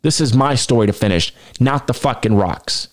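A man's voice: medium pitch, expressive, moderate pace, natural voice. A man voicing a furious male wrestler who rants at management, defiant and full of profanity.

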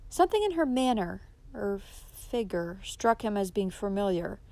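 A woman's voice: medium pitch, sing-song, a little slow, warm tone, no room sound. Woman narrating a classic novel. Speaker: audiobook narrator. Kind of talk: scripted narration.

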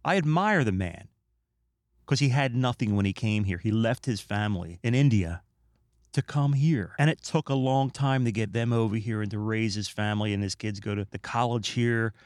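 A middle-aged man hosting a podcast, talking in an animated, emphatic and opinionated casual monologue. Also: on the low side, normal speed, dry recording, studio quality. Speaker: podcast host.

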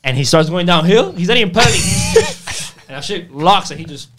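Young man, quick and lively delivery, loose slang-heavy chat. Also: high-pitched. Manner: animated storytelling, heavy slang. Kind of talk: casual podcast chat.

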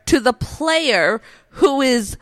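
Lively, slow-talking middle-aged woman. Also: high-pitched, no room sound. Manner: animated, emphatic. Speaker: podcast co-host. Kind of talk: casual chat.

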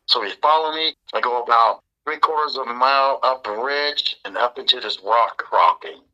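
A man, a podcast guest, telling a story in a casual, animated way and acting out the dialogue. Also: medium pitch, moderate pace, muffled recording. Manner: animated, acts out quoted dialogue.

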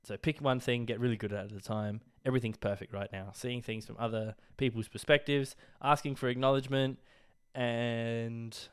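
The host, a young Australian man, speaks at a normal speed in a clear, resonant mid-range voice with a steady tone. His casual solo podcast is rambling and sweary, thick with fillers, punctuated by small coughs as he recovers from illness.

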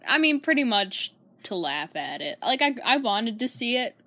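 A woman's voice: fairly high pitch, very animated, normal speed, pushed and bright, no echo. A young woman chatting casually as a podcast co-host, laughing often and sometimes losing her thread. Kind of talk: casual chat.

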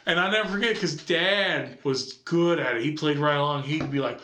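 Lively, bright-voiced man telling stories. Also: sits high, moderate pace, hardly any pauses, echoey room, a little hiss or hum. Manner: animated, laughing, acts out family voices. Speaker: podcast co-host. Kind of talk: casual storytelling chat.

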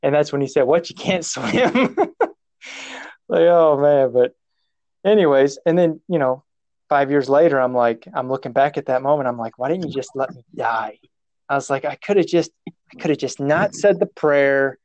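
A man's voice: medium pitch, normal speed, a little mellow, no room sound. A man telling a personal story in casual conversation, rambling and self-mocking, restarting his sentences and laughing at himself.

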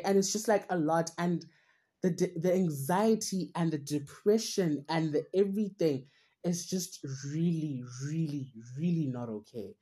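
Young woman on her podcast, husky low voice, kinda mellow, thinking out loud. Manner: rambling, earnest, self-searching. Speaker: podcast host. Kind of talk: personal reflective monologue.

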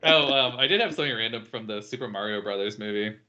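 A man's voice: fairly low pitch, fast talker, highs cut off. A man co-hosting a podcast in casual chat, telling stories loosely with many "like" and "um" fillers. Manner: relaxed storytelling, frequent "like" and "um". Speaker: podcast co-host.

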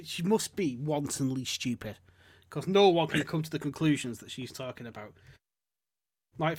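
A man's voice: on the high side, husky. A man hosting a podcast, ranting and swearing in casual mocking chat. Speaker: podcast host.

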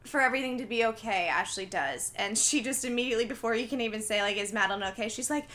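A young woman co-hosting a podcast recaps a film scene by scene in casual chat, acting out the characters' quoted lines with animated storytelling. Her voice sits on the high side, and she talks quickly.

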